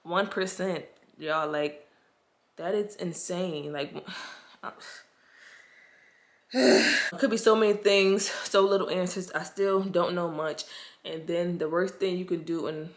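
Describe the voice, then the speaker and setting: A pregnancy vlogger talks straight to camera, stressed, overwhelmed, emotional, frustrated and anxious, often calling her viewers "y'all." Her lowish voice is steady and slow, with frequent pauses.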